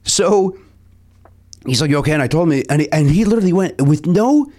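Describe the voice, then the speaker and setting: A man's voice: a little high, fairly quick. A middle-aged man hosting a podcast, telling a travel story in casual chat and acting out what others said. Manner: animated, acts out other people's lines. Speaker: podcast host.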